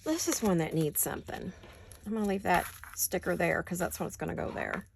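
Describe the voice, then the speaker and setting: A woman with a gravelly, fry-edged voice chats her way through a craft project at her home desk, thinking out loud and slipping into quiet muttered asides. Steady background noise runs under the home recording. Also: lowish voice, fairly quick. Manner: thinks aloud while working, drifts into soft muttered asides. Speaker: crafting channel host. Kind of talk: casual craft-along chat.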